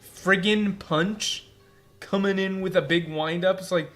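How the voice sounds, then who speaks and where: A man's voice: high-pitched, steady tone, measured pace, a bit bright, soft background music. A man commenting on a game's translation in a rambling, incredulous way, full of fillers. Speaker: gameplay commentator. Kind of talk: game localization commentary.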